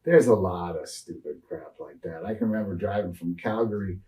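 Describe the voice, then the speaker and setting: A man's voice: low-pitched, fairly quick, a little mellow, far from the mic, rough recording. A man in his sixties, a retired wrestler, rambling through road stories in a shoot interview with lots of fillers and restarts.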